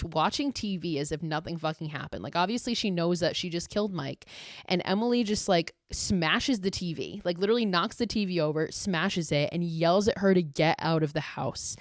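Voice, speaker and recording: A woman's voice: lowish voice, dry recording, clean studio sound. Swearing woman recapping a horror film. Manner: profane, animated storytelling. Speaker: podcast host. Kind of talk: casual horror movie recap.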